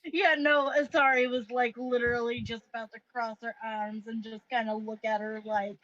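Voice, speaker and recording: A woman's voice: fairly high pitch, little pitch movement, moderate pace, a bit bright, a little hiss or hum. A woman playing in a tabletop game, talking casually in a blunt, profane way. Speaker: player. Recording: dull lo-fi mic.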